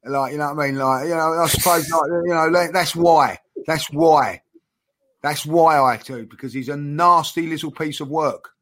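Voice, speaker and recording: Ranting football fan. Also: male voice, on the high side, moderate pace, slight background noise. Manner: animated ranting, lots of "you know what I mean". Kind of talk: casual football chat.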